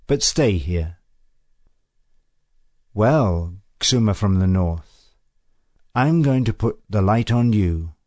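A man's voice: fairly low pitch, dark tone, dry recording, studio quality. A man voicing a tall, strong woman who is wary and teasing, with guarded, mocking questions, in a read-aloud story.

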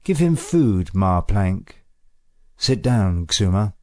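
A man's voice: low voice, very animated, slow, no echo, clean studio sound, heavily acted. A man voicing a tall, strong woman who is wary and teasing, with guarded, mocking questions, in a read-aloud story.

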